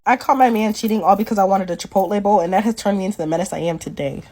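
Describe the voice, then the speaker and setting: Woman spilling a funny story, acts out every voice, mid-pitched. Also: rapid-fire, a little mellow. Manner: dramatic, comic retelling with quoted voices. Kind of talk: storytelling to camera.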